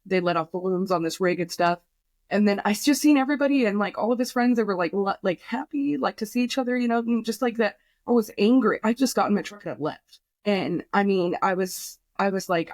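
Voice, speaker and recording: A woman's voice: medium pitch, a little fast, darkish tone, dry recording. A young woman talks through a painful loss on a podcast, rambling and swearing, stacking fillers and acting out what she and others said. Her voice sits in a middling register and sounds dry and close. It feels raw and unpolished. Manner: rambling, many fillers, swears, quotes herself. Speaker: podcast guest. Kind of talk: emotional personal story.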